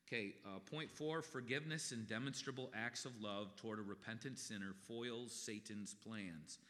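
A man's voice: lowish voice, fairly bright tone. A middle-aged man preaching a sermon as a pastor in a folksy, conversational way. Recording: long reverb in a hall.

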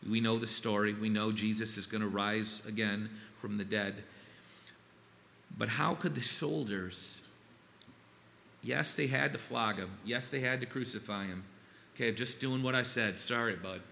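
A middle-aged man preaching a sermon, earnest and halting, with many fillers and restarts. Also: lowish voice, gravelly, sharp tone. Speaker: pastor. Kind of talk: sermon with scripture reading. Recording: long reverb, faint ambient noise.

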